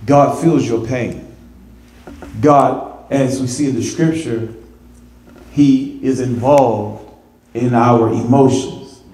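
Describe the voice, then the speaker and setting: A pastor preaching a sermon in a church, animated, repeating words and building to emphatic, rising peaks. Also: male voice, medium pitch, takes it slowly, pauses often. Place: church sanctuary. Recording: echoey church sanctuary.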